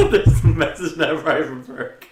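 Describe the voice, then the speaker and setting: A man's voice: fairly high pitch, huge pitch swings, slow. A young man co-hosting a podcast, swearing and laughing in casual chat. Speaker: podcast co-host. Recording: echoey room, faint noise.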